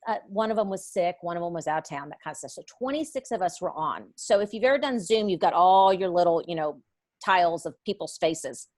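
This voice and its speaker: A middle-aged woman, a Bible study teacher, telling a story as a guest in a podcast conversation, lively and acting out the voices of others. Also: on the low side, fairly quick, no echo. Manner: animated, acts out others' voices in her stories.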